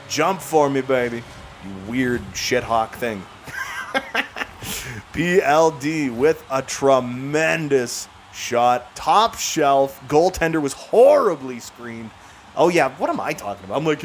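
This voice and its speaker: A young man narrates his hockey video game like a play-by-play caller. His voice leaps around with lively, animated pitch, tossing in goofy made-up words. He swings between loud excited shouts and muttered self-mocking asides. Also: slow pace, a little hiss or hum. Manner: goofy slang and play-by-play chatter. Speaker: gaming YouTuber.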